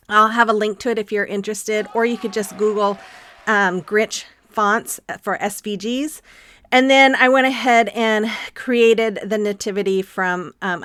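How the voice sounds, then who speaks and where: A woman's voice: mid-range voice, fairly bright tone, slight background noise. A woman hosting a craft tutorial, talking casually with frequent ums as she explains each step. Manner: chatty, friendly, frequent ums. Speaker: craft channel host.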